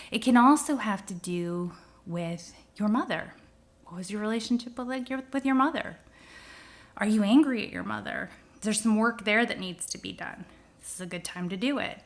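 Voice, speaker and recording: A middle-aged woman astrologer giving a casual spoken forecast, lively, now and then dropping into whispers to act out feelings. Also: medium pitch. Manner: animated, acts out quoted feelings with sudden whispers.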